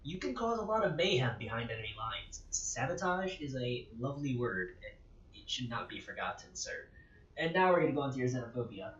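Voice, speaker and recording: A man's voice: medium pitch, fairly bright tone. An American man giving rambling, joking let's-play commentary in a casual way. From United States. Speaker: gameplay commentator. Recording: echoey, dull home recording.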